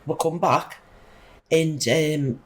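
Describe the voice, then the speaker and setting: A woman's voice: sits low, steady tone, takes it slowly, slightly rough, rough recording. A middle-aged woman, chatting emphatically as a podcast guest and telling a rambling personal story. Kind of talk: casual storytelling.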